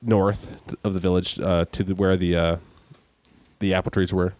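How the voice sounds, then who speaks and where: A man narrating a tabletop game as game master, halting and correcting himself often. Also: low-pitched, level tone, darkish tone, no room sound. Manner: halting, many fillers and restarts.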